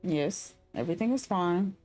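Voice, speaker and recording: A woman's voice: lowish voice, animated, normal speed, darkish tone, soft background music. Woman reading as a guarded, grieving Argentine woman. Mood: guarded, sad.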